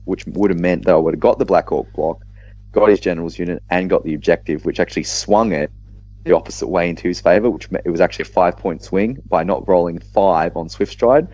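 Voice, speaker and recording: In a relaxed podcast conversation, an Australian co-host shares a gaming story full of quick restarts. He speaks in a very low, mellow voice, and the dry recording comes across a little dull and lo-fi.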